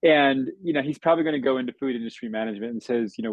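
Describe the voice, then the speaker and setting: A middle-aged American man speaking as an interview guest, reflective and measured, often saying "you know". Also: mid-range voice, animated, dry recording, phone-quality sound. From United States. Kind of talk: conversational interview.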